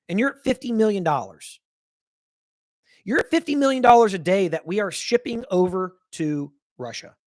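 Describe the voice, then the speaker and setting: A man's voice: high-pitched, dry recording. A man hosting a live political talk show, ranting heatedly with profanity and repeated phrases. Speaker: podcast host.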